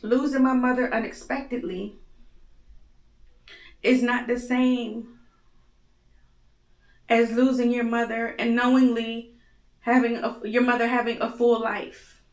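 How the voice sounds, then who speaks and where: A woman's voice: on the high side, level tone, unhurried, long pauses, reverberant. A woman in her thirties hosting a candid, emotional monologue, raw and blunt with plenty of swearing, audibly tearful. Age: 30s. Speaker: host. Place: home.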